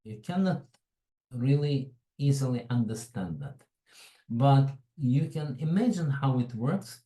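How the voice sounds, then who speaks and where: Mellow-voiced man with a foreign accent, lecturing. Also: mid-range voice, lively intonation, a little slow, roomy sound, rough recording. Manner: digressive, chatty asides while explaining. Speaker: webinar presenter. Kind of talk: informal tech webinar talk.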